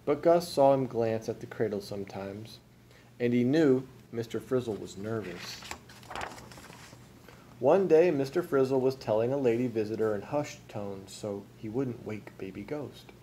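A man, a father, reading a picture book aloud to children and pausing to ask them questions. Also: mid-range voice, lively intonation, warm tone, slight background noise.

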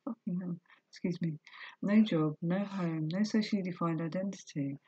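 A woman's voice: on the low side, moderate pace, mellow, breathy edge, no room sound. A woman vlogger reading a book aloud and breaking off into earnest, emotional, confessional commentary. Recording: dull lo-fi recording.

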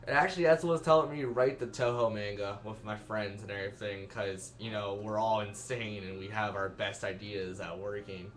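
A man's voice: on the low side, steady tone, normal speed, hardly any pauses. A young man giving rambling, self-mocking let's-play commentary and laughing at his own jokes. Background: game music.

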